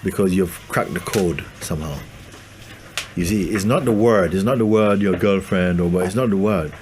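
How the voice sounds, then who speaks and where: Male spiritual teacher, low pitch, gentle, easy laughter. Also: moderate pace, slight background noise. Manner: gentle, laughs often, playful. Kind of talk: spiritual talk to a gathering.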